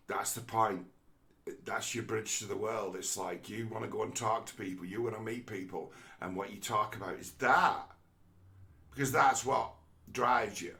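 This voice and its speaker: A man hosting a podcast, talking through his views in an animated, mocking way, with frequent fillers. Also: medium pitch, moderate pace, gravelly. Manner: animated, mocking quoted voices, many fillers. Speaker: podcast host. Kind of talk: casual commentary.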